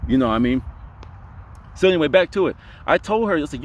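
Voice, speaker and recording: A man's voice: on the high side, lively intonation, fast talker. A young man telling a personal story in a casual vlog, rambling with lots of fillers. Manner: rambling, heavy on fillers like "you know". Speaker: spiritual vlogger.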